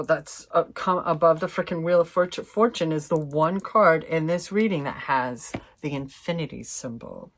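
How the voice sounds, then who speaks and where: A woman with a low voice reads tarot cards for her viewers, talking unhurriedly. Her delivery is chatty and informal, with mild swearing. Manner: chatty, swears mildly, laughs, addresses viewers as fam. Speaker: tarot reader. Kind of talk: casual intuitive tarot reading.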